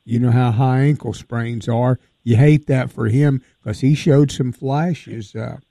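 A man's voice: mid-range voice, unhurried, creaky, no room sound. A man hosting a casual sports talk show, asking questions with frequent fillers. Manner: relaxed, flat delivery with frequent fillers. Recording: dry, phone-like line.

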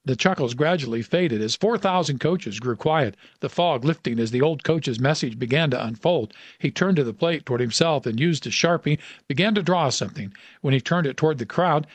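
A man's voice: on the high side, lively intonation, a little fast, few pauses, dry recording. Man narrating a story, dry and close. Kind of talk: scripted narration.

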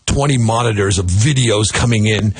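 A man's voice: on the low side, normal speed, slightly rough, no room sound, faint music behind. A man co-hosting a radio morning show, chatting casually on air in an opinionated, jokey way and often restarting his sentences. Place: radio studio.

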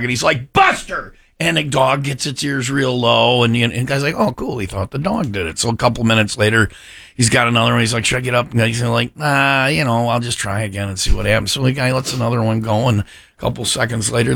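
Young guy radio cohost, gravelly and bright, dry close sound, joking around. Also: medium pitch, dry recording. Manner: jokey storyteller, laughs at his own jokes. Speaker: radio show co-host. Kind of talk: casual banter.

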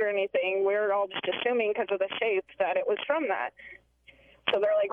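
A woman's voice: mid-range voice, a little fast. A woman calling in to a talk show, telling a long story in a chatty, rambling way over the phone. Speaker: caller. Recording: tinny phone line with faint hiss.

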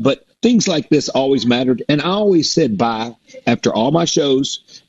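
Middle-aged male guest, husky, rambling storyteller, dull lo-fi audio. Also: mid-range voice. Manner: rambling, with many restarts and fillers. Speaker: performer and guest. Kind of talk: casual interview storytelling. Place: performs a resident show in a Mississippi theater.

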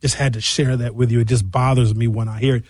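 A man's voice: medium pitch, husky, no room sound. A man from Milwaukee telling a political story in a casual, comedic commentary style, acting out voices and drawing out words for emphasis. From Wisconsin, Milwaukee. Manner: animated storytelling, acts out voices, emphatic slowdowns.

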